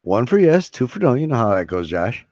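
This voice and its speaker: A man's voice: mid-range voice, big pitch swings, brisk, darkish tone, no echo. A man hosting a casual live stream, chatting in a rambling, joking and loose way. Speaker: livestream host. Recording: dull lo-fi stream audio.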